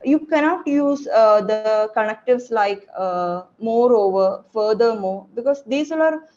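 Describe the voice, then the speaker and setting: A woman giving an informal spoken lesson on exam writing tips, pausing often with fillers and restarting her sentences. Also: on the high side, expressive, dark tone. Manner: hesitant, many fillers and restarts. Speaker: student sharing exam tips. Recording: dull lo-fi recording.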